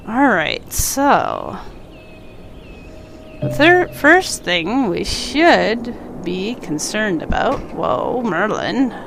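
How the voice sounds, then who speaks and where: Congested female game streamer, unhurried, lively pitch, casual rambling chat. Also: creaky, slight background noise. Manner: rambling, talks to the game and a pet. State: congested, stuffy. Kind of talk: casual live-stream chat while playing.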